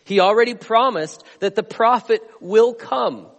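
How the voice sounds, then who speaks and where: A man preaching a sermon as a pastor, earnest, swinging between loud emphatic lines and quiet ones. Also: sits high, unhurried, long reverb tail.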